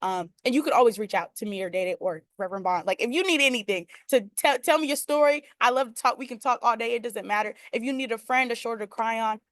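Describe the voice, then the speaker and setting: A woman's voice: fairly high pitch, quick pace, hardly any pauses, no room sound. A young woman speaking candidly on a video-call panel, laughing often and filling her talk with "like" and "um". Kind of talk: casual panel conversation.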